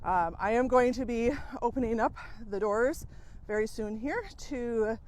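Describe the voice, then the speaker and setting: Out of breath, a female coach speaks to camera in a high-ish, slightly mellow voice, taking her time. She's frank with her viewers, filling her talk with casual swearing and verbal fillers.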